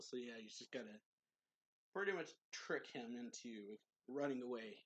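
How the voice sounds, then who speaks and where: A man's voice: medium pitch, animated, moderate pace, a bit bright. A man reviewing a manga chapter in a casual recap, rambling with fillers and asides.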